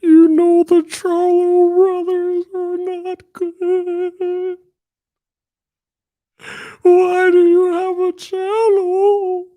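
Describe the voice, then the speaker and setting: A man putting on the voice of a whiny, taunting heckler, with a high quavering mock cry that drags every word out. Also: completely flat delivery, drawn-out words, mellow, full character voice. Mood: mocking wail.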